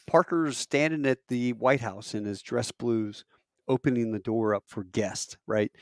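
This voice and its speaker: A man's voice: medium pitch, a little slow, no echo, clean studio sound. A man in his fifties, an airline pilot and podcast co-host, telling a long personal story in casual chat and acting out the people in it. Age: 50s. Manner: animated storyteller acting out quoted voices.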